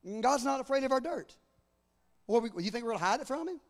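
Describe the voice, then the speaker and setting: A male preacher delivering a sermon with a strikingly high voice. He shifts between fervent, shouted proclamation and a calmer, conversational teaching tone. His voice carries a long reverb, as if filling a large hall. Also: fast talker.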